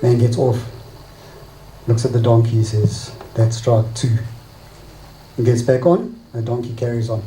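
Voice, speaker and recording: Man giving a wedding speech, mellow. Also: mid-range voice, steady tone, moderate pace, echoey room, slight background noise, poor audio. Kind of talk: wedding speech with a joke and a recited poem. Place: wedding reception hall.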